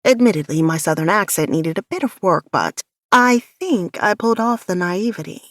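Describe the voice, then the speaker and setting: A woman narrating an audiobook in the first person with a measured, softly intimate delivery. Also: on the low side, lively intonation, no room sound, clean studio sound.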